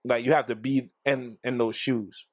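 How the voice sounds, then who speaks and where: A man co-hosting a casual podcast, profane and joking, breaking into loud acted-out bits. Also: mid-range voice, steady tone, moderate pace, husky, no room sound, clean studio sound. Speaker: podcast co-host.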